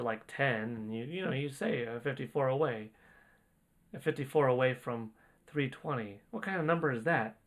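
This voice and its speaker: A man hosting a casual livestream, reading out donations in an excitable, rambling way and often exclaiming. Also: medium pitch. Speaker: livestream host.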